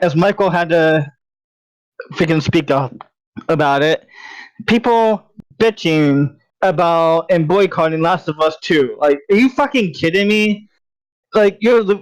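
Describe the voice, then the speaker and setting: A man's voice: high-pitched, no echo, rough recording. A man co-hosting a podcast, ranting in an exasperated way, swearing and leaning on "like". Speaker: podcast co-host. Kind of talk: profane ranting podcast chat.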